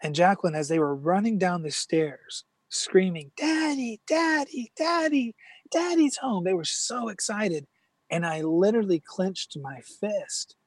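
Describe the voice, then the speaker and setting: A middle-aged man telling a personal story as a guest in an interview, earnest and halting, with many restarts. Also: a little high, dry recording.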